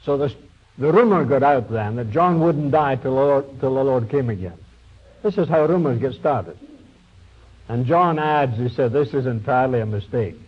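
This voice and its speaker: A man's voice: mid-range voice, animated, moderate pace, husky. A man preaching a sermon, retelling a Bible story in a folksy, conversational way and voicing its figures with small shifts. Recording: dull lo-fi recording.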